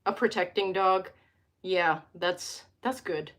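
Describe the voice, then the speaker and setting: A woman's voice: medium pitch, fairly even intonation, normal speed, fairly bright tone. A young woman hosting a casual live stream from home, reading tarot cards and chatting with viewers, joking and wandering off into asides.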